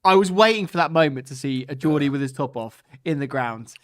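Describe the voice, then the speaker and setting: A man co-hosting a live football watchalong, laughing and reacting excitedly to the match. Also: a little high, a little fast, no room sound, studio quality. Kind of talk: casual live match commentary.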